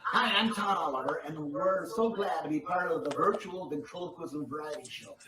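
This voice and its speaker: As a guest ventriloquist, a man performs a comedy act, telling stories in an upbeat, encouraging way. His fairly high voice moves at a moderate pace, with a crowd audible and the distant mic in an echoey room picking up faint noise.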